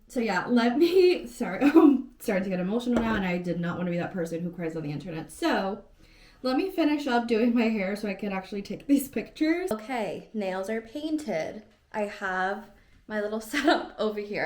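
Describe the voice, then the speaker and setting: A woman in her late twenties, chatting casually in a home vlog, rambling and often correcting herself mid-sentence. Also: mid-range voice. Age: 20s. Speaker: vlogger.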